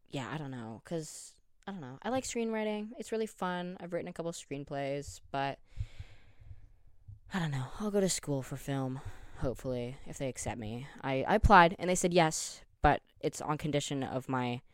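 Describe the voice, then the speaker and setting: A man's voice: medium pitch, no room sound. Rambling young guy on a dry mic. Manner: rambling, jokey and self-deprecating. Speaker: podcast host. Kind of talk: casual solo podcast monologue. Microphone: studio headphones with a desk mic.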